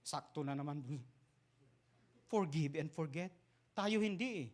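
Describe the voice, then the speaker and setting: High-voiced Filipino pastor preaching. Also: male voice, a little slow. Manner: switches between English and Tagalog, emphatic storytelling. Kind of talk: sermon.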